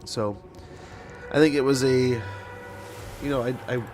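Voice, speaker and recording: Streamer, male, thirties, mid-pitched, rambling casual storyteller who keeps restarting sentences. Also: fairly even intonation, a little slow, darkish tone, faint music behind. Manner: rambling, with many restarts and self-corrections. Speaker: game streamer.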